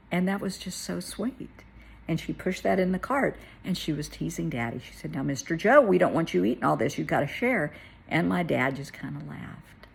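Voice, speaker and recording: A middle-aged woman, a therapist, telling a personal story in a soft, tearful way that at times falls to a whisper. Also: fairly low pitch, gravelly, breathy edge. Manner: tearful, soft-spoken, drops to a whisper at moments.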